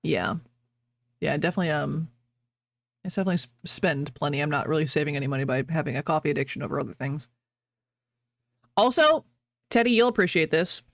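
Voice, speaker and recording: A woman's voice: low-pitched, expressive, brisk, vocal fry, long pauses. A woman streamer chatting casually with her viewers, rambling, laughing often and breaking off mid-sentence.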